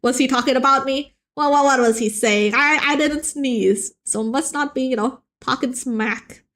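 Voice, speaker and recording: This art streamer is a young woman with a high voice and a moderate pace. While drawing, she chats casually and jokes with her live-stream viewers in a playful, animated manner, frequently restarting her sentences.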